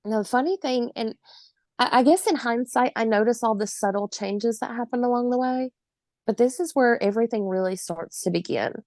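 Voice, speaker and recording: A woman's voice: a little high, fairly quick, a little mellow, no room sound. A woman in her forties, a podcast guest, telling her own story in vivid, emphatic detail with occasional laughs.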